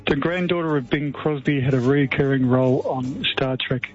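A hesitant man on breakfast radio, reading out police news and trivia in a plain, matter-of-fact way with lots of "uh"s. His voice is mid-pitched, and the sound is a bit muffled, with soft music underneath. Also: normal speed. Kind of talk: casual radio chat.

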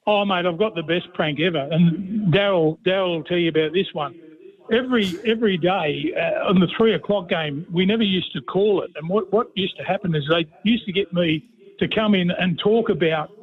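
On a tinny phone line, a middle-aged Australian man with a high voice chats casually on the radio. A former player turned commentator, he is rambling and matey, fond of spinning a yarn.

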